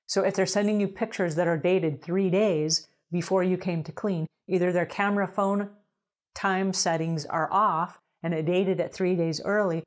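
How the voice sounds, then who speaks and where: Woman, cleaning coach, lower voice, direct and emphatic advice talk. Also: steady tone, moderate pace.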